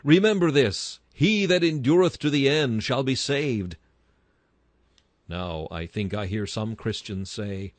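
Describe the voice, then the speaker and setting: A man's voice: medium pitch, expressive, a little slow, no echo. A man reading a Victorian sermon aloud in an emphatic style that rises to bursts of fervor. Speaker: sermon reader.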